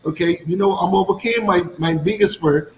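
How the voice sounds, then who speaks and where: A man, once a cricketer, telling lively anecdotes and repeating himself for emphasis. His voice sits a little high for a man. The room gives it a noticeable echo, with a faint hum behind. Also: a little fast. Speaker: former cricketer. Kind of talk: casual storytelling chat.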